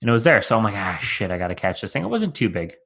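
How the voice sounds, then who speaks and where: Male podcast co-host, relaxed and rambling, lowish voice. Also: rapid-fire, creaky. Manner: laid-back, rambling storyteller with many fillers. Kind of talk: casual podcast chat.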